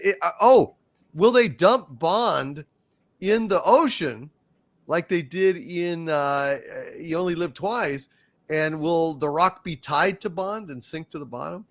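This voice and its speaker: A man hosting a casual live stream, his voice sitting a touch above average pitch. He rants with profanity, trips over his words in stammered restarts, and gets worked up as he answers viewer comments. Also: a bit bright. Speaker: livestream show host reading super chats.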